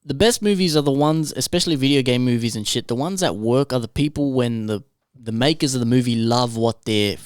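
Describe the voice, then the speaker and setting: A man's voice: medium pitch, fairly quick, clear, resonant tone, no room sound, studio quality. A man, co-hosting a podcast and chatting casually in a loose, rambling way with plenty of swearing. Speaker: podcast co-host. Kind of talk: casual chat.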